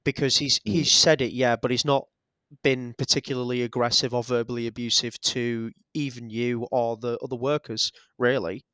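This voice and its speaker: Casting: outspoken male guest, middle-pitched voice, swears freely, dry close recording. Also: fairly even intonation, moderate pace, sharp tone, smooth, dry recording. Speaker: podcast guest. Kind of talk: casual chat.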